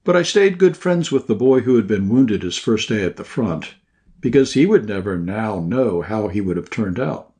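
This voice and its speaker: A man reading a short story aloud in scripted first-person narration, at a measured, even pace. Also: fairly low pitch. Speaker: audiobook narrator.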